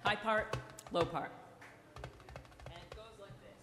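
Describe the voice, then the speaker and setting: A woman's voice: mid-range voice, fairly even intonation, slow pace. A woman singer teasing and coaxing a live audience between songs, in a playful, joking manner, heard through a stage microphone. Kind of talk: stage banter with a concert audience. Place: concert hall. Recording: echoey live hall with music.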